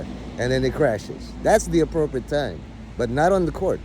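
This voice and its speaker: A middle-aged man holds a casual livestream rant, swearing freely and bossing his viewers around in jest. His voice is mellow and dark in tone, yet his pitch swings widely as he rambles. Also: lively intonation, moderate pace, slight background noise. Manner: profane, rambling, mock-bossy toward viewers.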